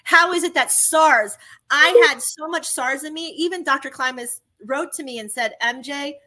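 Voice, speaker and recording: A woman's voice: high voice, moderate pace, sharp tone. A woman telling her own story in casual chat, emphatic and exclaiming at times.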